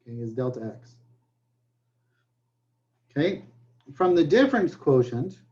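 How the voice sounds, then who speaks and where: A man's voice: mid-range voice, big pitch swings, unhurried, a little mellow, muffled recording. A man teaching a recorded math lecture, joking in asides and saying okay often. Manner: joking asides, many okays. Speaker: math professor.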